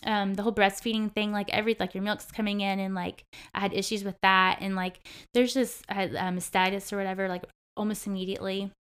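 Chatty young woman with a smooth voice. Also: medium pitch, little pitch movement, fast talker, a bit bright. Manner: chatty, heavy use of "like". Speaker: interview guest. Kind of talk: personal story in casual conversation. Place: in person with the host.

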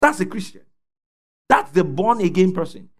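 A man preaching a sermon, calling out questions for the congregation to answer and rising to shouts at the peaks. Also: high voice, animated, normal speed. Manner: call-and-response preaching, asks congregation to fill in words.

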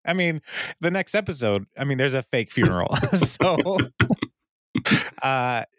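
A man's voice: medium pitch, big pitch swings, unhurried, a bit bright, dry recording. Man, podcast co-host, casual recap chat, chatty storyteller, mid-range voice, dry close sound. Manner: chatty storytelling, laughing between lines.

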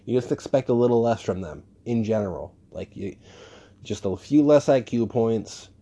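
A man's voice: medium pitch, expressive, moderate pace, warm tone. A young man hosting a podcast, telling a story in a rambling, casual way with lots of fillers and swearing. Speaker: podcast host. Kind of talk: casual solo podcast monologue.

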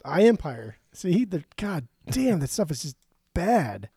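A blunt, opinionated man on a casual music podcast who swears freely. His voice is mellow and swings widely in pitch, and it is recorded close and dry. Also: big pitch swings, unhurried, slightly rough, dry recording. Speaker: podcast co-host.

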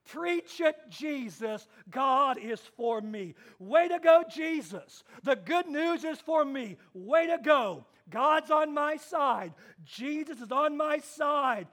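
A man's voice: extremely high pitch, lively intonation, slow, few pauses, exaggerated voice. A man voicing an elated male worshipper who cheers on a preacher with short, repeated joyful cries.

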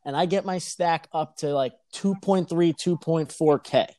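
A young man telling a casual, profane story on a podcast, animated and laughing as he talks. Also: a little high, measured pace, no echo, clean studio sound. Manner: animated, swears constantly, laughs mid-sentence.

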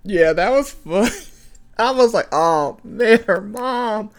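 A young woman chats about a movie in a giggly, animated way, often laughing. Her voice swings widely in pitch as she jumps into high voices to act out lines. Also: takes it slowly. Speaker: co-host. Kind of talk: casual movie review chat.

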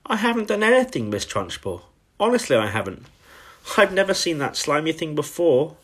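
An indignant little schoolgirl pleads and protests in a high, strained voice, as a man puts her on. Underneath, a husky grain shows through. Storybook reading. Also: big pitch swings, moderate pace, a bit bright, exaggerated voice. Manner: protesting, shrill.

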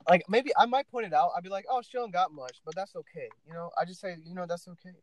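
Animated young man ranting on a podcast. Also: high-pitched, quick pace, dry recording, low-quality recording. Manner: animated, ranting, swings loud and soft. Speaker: podcast co-host. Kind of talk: casual podcast chat.

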